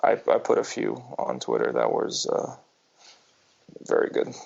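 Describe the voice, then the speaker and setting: A man's voice: a bass voice, sing-song, a little slow, creaky, darkish tone, husky. A man co-hosting a casual sports podcast, rambling and ranting with frequent restarts. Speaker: podcast co-host. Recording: dull lo-fi podcast audio.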